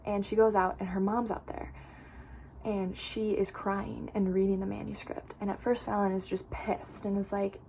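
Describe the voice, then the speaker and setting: A woman's voice: medium pitch, little pitch movement, normal speed, creaky, darkish tone, slight background noise. A young woman casually recapping a novel for her channel, chatty and full of "like.". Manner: chatty, fills speech with "like". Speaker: book vlogger.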